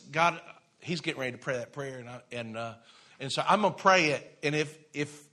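Guy preaching a testimony in church, bright tone, goes quiet then fired up. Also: on the high side, fairly quick. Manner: swings from hushed confessional to loud fervent preaching. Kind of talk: sermon testimony. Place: church sanctuary.

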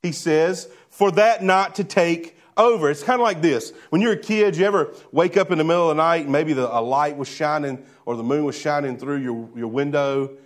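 Male pastor, sermon; slightly high voice, conversational, rhetorical questions, hushed to emphatic. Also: normal speed, few pauses.

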